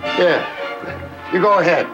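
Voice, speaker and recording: A man's voice: high-pitched, unhurried, muffled recording, music in the background. An actor playing a cheerful man who laughs at his own pun, in a clip from an old TV show. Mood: joking.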